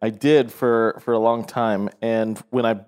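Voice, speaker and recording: Dude with a smooth clear voice just chatting, laid back. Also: male voice, fairly low pitch, steady tone, unhurried, a little mellow. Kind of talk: casual chat.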